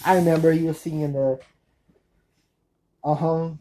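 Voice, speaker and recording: A man's voice: on the high side, steady tone, moderate pace, mellow, poor audio. A man talking through his movie collection in a casual, nervous way, rambling and often stopping to correct himself. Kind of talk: casual spoken review.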